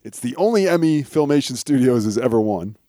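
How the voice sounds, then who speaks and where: A man co-hosting a casual podcast, relaxed as he shares trivia with small chuckles. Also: mid-range voice, fairly quick, a little hiss or hum. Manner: relaxed storytelling of show trivia, chuckles often. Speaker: podcast co-host.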